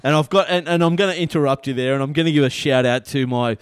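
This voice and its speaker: A man co-hosting a radio show, old enough to have a daughter-in-law, who chips in with warm, chatty asides. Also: fairly high pitch, quick pace, smooth, no room sound, clean studio sound. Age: middle-aged or older. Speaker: radio co-host. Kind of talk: casual radio chat.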